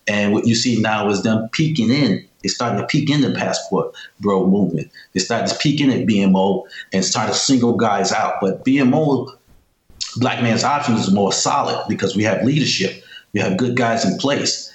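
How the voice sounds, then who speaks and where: A man speaks as a guest on a talk show, emphatic and prone to repeating his words as he tells stories. His voice sits at an ordinary middle pitch. The sound has a roomy echo around it. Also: moderate pace. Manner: storytelling, emphatic, repeats himself. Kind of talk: casual interview talk.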